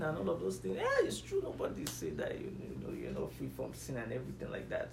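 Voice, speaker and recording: A man's voice: fairly high pitch, wildly swooping pitch, moderate pace, vocal fry, a little mellow. Male preacher, conversational Bible teaching, punches key words, roomy echo with faint background hiss. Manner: builds to emphatic, rising stresses on key words; asks the listeners questions, waits for replies.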